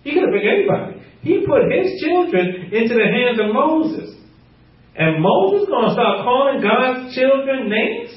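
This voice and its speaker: A man preaching a teaching sermon, animated and laughing often, acting out the quotes he reads. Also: extremely high pitch, unhurried. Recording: roomy, distant, muffled.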